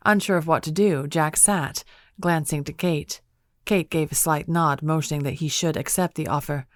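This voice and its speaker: A woman narrating a cozy mystery audiobook in a measured, even storytelling manner, close to a studio mic. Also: low voice, no room sound. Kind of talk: scripted narration.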